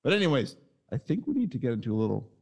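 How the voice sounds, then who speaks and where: Man, podcast host, casual chat, lively pitch, video call. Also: rapid-fire, vocal fry. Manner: animated, excitable storytelling.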